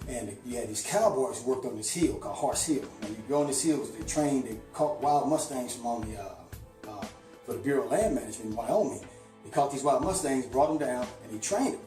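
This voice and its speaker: A man from St. Louis telling a long, rambling story in a casual, animated way, with lots of "you know.". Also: mid-range voice, fairly quick, echoey room, over music. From St. Louis, USA.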